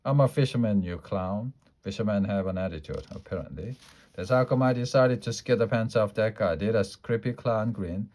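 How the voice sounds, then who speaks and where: A man with a fairly low voice reads a children's book aloud. He keeps it lively and playful. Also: a little fast. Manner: lively, playful character voices in a child's first-person story. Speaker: storybook reader.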